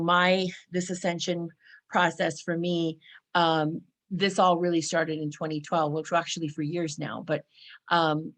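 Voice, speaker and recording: A woman in her forties from California, talking casually about spiritual energy to camera, chatty and full of "you know" and "right?". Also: sits low. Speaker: spiritual vlogger.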